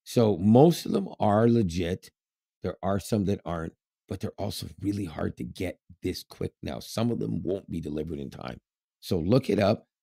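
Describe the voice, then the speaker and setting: Deep gravelly man, rambling chat. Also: normal speed, dark tone, no room sound, clean studio sound. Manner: rambling, laughs often, many fillers and restarts. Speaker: podcast co-host. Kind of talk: casual chat.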